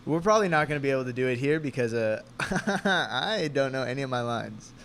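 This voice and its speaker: A man in his twenties co-hosting a casual comedy podcast, joking, laughing often, and reading aloud haltingly. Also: medium pitch, expressive, fairly bright tone, slight background noise. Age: 20s. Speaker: podcast co-host.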